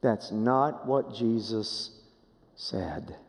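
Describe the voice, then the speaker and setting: In an extremely slow sermon, a pastor moves dramatically between hushed low phrasing and raised, emphatic delivery, returning again and again to rhetorical questions. A long reverb tail trails his words.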